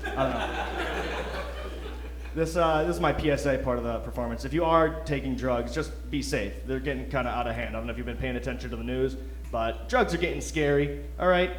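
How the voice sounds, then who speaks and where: A man's voice: mid-range voice, a little fast, slight background noise. A young man from Detroit doing a loose, self-mocking stand-up set, chuckling through his lines. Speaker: stand-up comic. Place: comedy club stage. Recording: roomy club sound.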